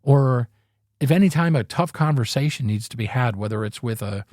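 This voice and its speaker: A man's voice: medium pitch, lively intonation, normal speed, darkish tone, no room sound. Earnest rambling man, dry close sound. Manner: earnest, rambling, self-correcting. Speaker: podcast host. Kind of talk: casual motivational monologue.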